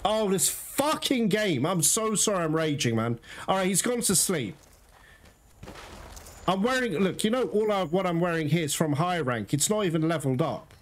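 This let's play host has a voice on the high side and talks at a normal speed while game music plays. Getting worked up over the game, he swears a lot and keeps saying guys to his viewers.

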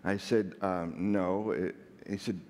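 A man's voice: sits low, steady tone, slow, long reverb tail, very noisy. A man telling funny personal stories on stage, self-deprecating and playful. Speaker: speaker. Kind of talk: storytelling talk on stage. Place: large hall.

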